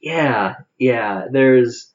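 A male podcast co-host trades dry, quick jokes in a relaxed tone. His pitch is middle-of-the-road, and the recording is slightly dull and lo-fi. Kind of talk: casual comedic chat.

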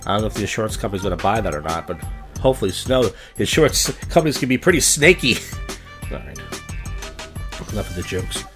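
A man's voice: fairly low pitch, expressive, fast, over music. A man hosting a comedy podcast, reading odd news stories and adding sardonic, rambling asides. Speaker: podcast host. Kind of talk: casual comedic news commentary.

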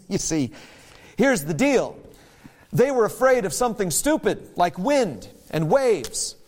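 Animated high-voiced male preacher. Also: takes it slowly. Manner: animated, dramatizing quotes with sudden pitch jumps; conversational and emphatic. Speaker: pastor. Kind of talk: sermon.

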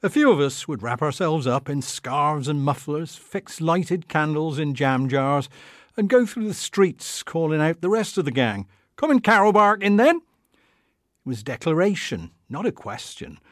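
A man's voice: a little high, lively intonation, unhurried, no room sound, studio quality. A man giving an evocative literary reading of a childhood memoir. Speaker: reader.

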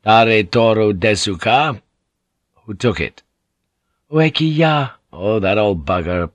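A man's voice: fairly low pitch, lively intonation, dry recording. A man reading as a weary, curt sailor. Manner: tired, curt, halting.

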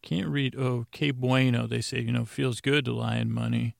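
Man, podcast host, casual episode recap, gravelly, flat delivery, dry sound. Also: mid-range voice, normal speed, dry recording. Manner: rambling, with many restarts.

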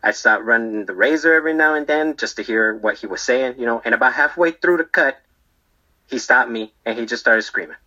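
A rambling, defensive barber behind bars, played by a man, who keeps checking in with "okay?" and "right?" as he tells his story. His voice is bright and sharp. The recording sounds dull and lo-fi. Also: medium pitch, fairly quick. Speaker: storyteller being interviewed. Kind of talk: comedic character monologue.

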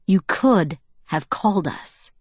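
A woman voicing a hushed, guarded teen vampire. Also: low voice, measured pace, no echo. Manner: murmured, hushed and even. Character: soft-spoken teenage male vampire, calm and guarded.

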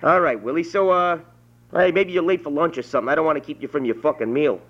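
New York man, higher pitched, loud bullying prank caller who swears nonstop; lo-fi tape. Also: quick pace. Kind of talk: prank phone call.

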